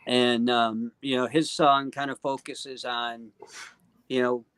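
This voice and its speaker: A man speaks as an interview guest, earnest and heartfelt. His voice sits at a plain middle pitch, and his talk wanders through "um" and "you know" as he thinks out loud. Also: level tone, slow, smooth. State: choked up. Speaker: guest singer-songwriter.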